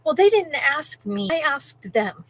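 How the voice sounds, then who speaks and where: A woman's voice: high-pitched, sing-song, unhurried, pitched above the performer's own voice. A woman doing a pushy, meddling stranger lady. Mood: defensive.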